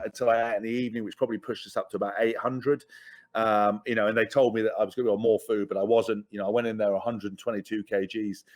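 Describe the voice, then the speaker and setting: Man in his thirties, rapid blunt storyteller, sweary, mid pitch; podcast guest. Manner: blunt, sweary, repeats words. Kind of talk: candid storytelling.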